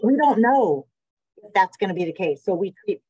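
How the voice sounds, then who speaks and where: A woman's voice: mid-range voice, lively intonation, moderate pace, dark tone, husky, dry recording, rough recording. A woman psychiatrist with an American accent giving a conversational webinar talk over a video call, with many fillers and restarts. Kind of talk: webinar presentation.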